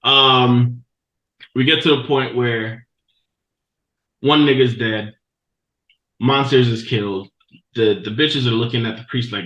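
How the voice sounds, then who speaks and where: A man co-hosting a podcast, recapping an anime episode in a loose, profane, animated way. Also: mid-range voice, takes it slowly, pauses often, roomy sound, poor audio. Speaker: podcast co-host. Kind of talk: casual chat, recapping an anime.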